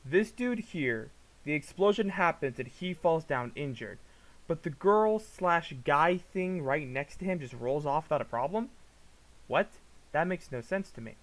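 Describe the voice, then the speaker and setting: A man giving casual reaction commentary, ranting in an exasperated, profane way that swings between low mutters and loud outbursts. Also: expressive, unhurried, rough recording. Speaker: commentary vlogger.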